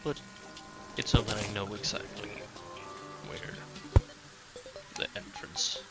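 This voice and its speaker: A man's voice: on the low side, steady tone, slow. A man giving casual, rambling gameplay commentary as a video host, explaining things step by step. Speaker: gaming YouTuber. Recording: loud background game music.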